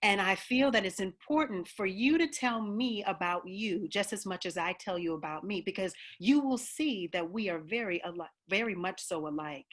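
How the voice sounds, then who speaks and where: A woman's voice: medium pitch, moderate pace, hardly any pauses. A woman with a slight country twang, an opera singer speaking as a panel guest over a video call in an earnest, emphatic, direct way. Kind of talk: heartfelt personal statement.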